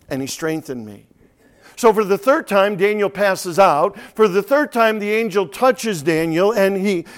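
A man with a high voice preaches verse by verse through a scripture passage. He drops to a slow, hushed tone to read the text. His explanations come with building emphasis. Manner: reads scripture slowly and softly, then explains with rising emphasis. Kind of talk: expository sermon.

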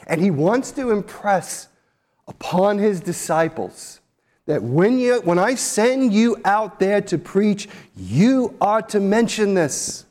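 A man's voice: high-pitched, expressive, slow, darkish tone. A male pastor preaching a sermon in an earnest, emphatic way, repeating key phrases.

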